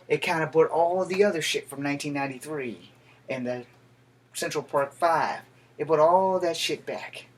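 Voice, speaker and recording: A man's voice: fairly high pitch, a little hiss or hum. A man in his thirties, a veteran, giving a blunt, profane and heated political rant to the camera. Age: 30s.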